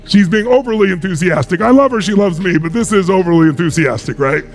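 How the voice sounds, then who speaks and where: A man's voice: high-pitched, fast. A middle-aged man giving a motivational speech to a live audience, emphatic and full of rhetorical questions. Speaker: motivational speaker.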